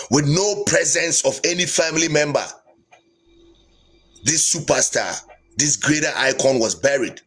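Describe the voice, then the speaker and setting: A man's voice: fairly high pitch, fairly bright tone, husky. A man with a Ghanaian accent hosting a live stream, speaking in an indignant, pleading way and switching between English and Twi. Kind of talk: impassioned live stream talk.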